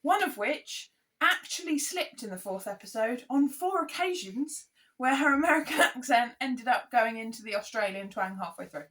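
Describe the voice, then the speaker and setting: A woman co-hosting a podcast in casual chat, animated and exasperated as she rants. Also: on the high side, moderate pace. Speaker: podcast co-host.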